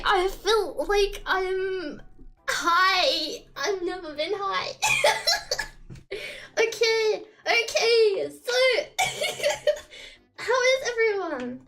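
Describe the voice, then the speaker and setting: A woman streamer chatting casually on a live stream, giggly and excitable, often repeating her greetings. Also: very high voice, slow, long pauses, soft background music.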